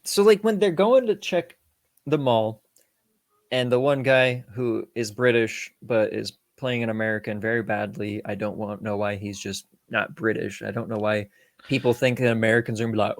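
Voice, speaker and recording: A man's voice: lowish voice, normal speed, dry recording. Casual swearing podcast man, dry sound. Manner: profane, animated, acts out quotes. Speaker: podcast co-host. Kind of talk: casual film review chat.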